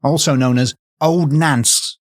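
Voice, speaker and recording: A man's voice: medium pitch, fairly even intonation, slow pace, dry recording. A man hosting a comedy podcast, telling folklore stories in a rambling, playful way and correcting himself as he goes. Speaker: podcast host, storyteller.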